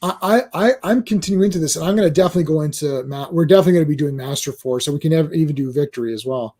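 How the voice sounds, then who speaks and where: Brief: male host, a little high-pitched, mellow tone, casual rambling review, lots of ums and restarts. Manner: halting, many restarts and filler ums. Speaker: podcast host. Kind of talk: casual chat reviewing a cartoon.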